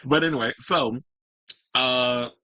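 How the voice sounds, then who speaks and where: A man hosting a celebrity gossip show, talking in a sassy, animated way with slangy asides. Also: medium pitch, slow pace, dry recording, low-quality recording. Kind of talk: casual gossip commentary. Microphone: home streaming mic.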